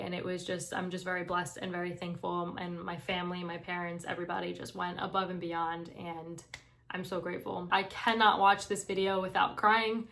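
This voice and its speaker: Young woman vlogging, earnest and emotional, pretty even flat delivery. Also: fairly low pitch, vocal fry. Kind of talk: casual heartfelt talk to camera.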